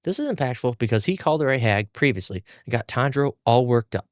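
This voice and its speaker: A man's voice: medium pitch, expressive, fast talker, no echo, clean studio sound. A man hosting a podcast, recapping and discussing a manga with enthusiasm. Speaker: podcast host. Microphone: mic on stand.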